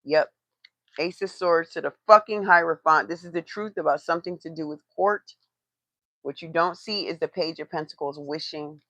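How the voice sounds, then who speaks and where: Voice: medium pitch, normal speed, a bit bright, no room sound. A tarot reader doing a live reading, blunt and profane, who swears for emphasis and talks straight to the chat.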